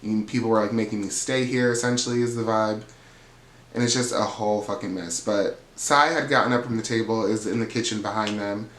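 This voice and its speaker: A man's voice: on the low side, fairly even intonation, brisk, fairly bright tone, roomy sound, a little hiss or hum. A man hosting a reality TV recap, gossiping and swearing freely while acting out what others said. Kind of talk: casual recap monologue.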